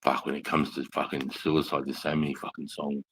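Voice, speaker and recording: A man's voice: rumbling low, flat delivery, brisk, slight background noise. A man with an Australian accent chatting casually on a live stream, swearing freely and telling stories. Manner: crude, swearing, storytelling.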